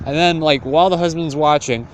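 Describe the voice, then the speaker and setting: A man's voice: on the high side, a little fast, a little hiss or hum. A young man retelling a classic tale in casual, profane slang, rambling with lots of fillers.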